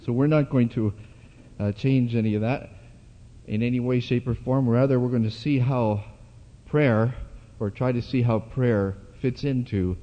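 Man, sermon, halting delivery full of fillers, mid-pitched voice, long hall reverb. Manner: halting, many fillers and restarts. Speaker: preacher at a church convention. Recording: dull lo-fi hall recording.

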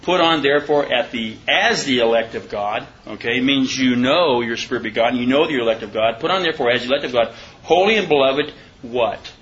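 A man giving an informal Bible study sermon, reading scripture slowly and deliberately and asking his listeners questions. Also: mid-range voice, a bit bright, highs cut off, a little hiss or hum. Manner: conversational, asks the listeners questions. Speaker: preacher.

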